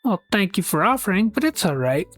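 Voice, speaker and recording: A woman voicing a gentle, patient older male king from a cartoon, talking slowly and soothingly. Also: medium pitch, sing-song, soft background music.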